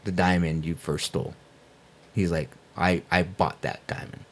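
Male podcast host, lowish voice, casual and profane comic book chat. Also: steady tone, measured pace. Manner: laid-back, swears a lot, says dude.

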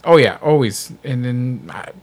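A man's voice: medium pitch, animated, unhurried. A man co-hosting a casual comic book podcast, chiming in with short remarks. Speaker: podcast co-host. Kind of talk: casual chat.

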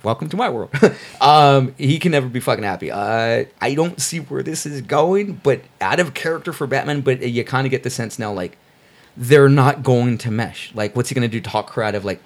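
A man casually reviewing comic books on a podcast, relaxed and profane, saying "dude" often. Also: mid-range voice, normal speed. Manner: laid-back, swears a lot, says dude. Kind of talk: casual chat.

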